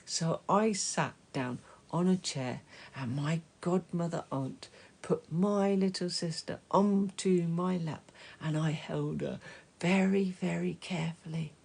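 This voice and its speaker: A woman reading a children's story aloud, slow and gentle, dropping to soft whispers at times. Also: lowish voice. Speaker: storybook reader.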